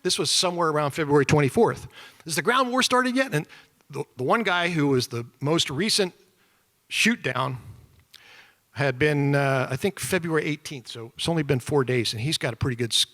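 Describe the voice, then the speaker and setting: A middle-aged man telling his story to an audience, animated and self-deprecating, acting out shouted quotes. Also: on the high side, normal speed. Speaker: former POW giving a talk. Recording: reverberant hall.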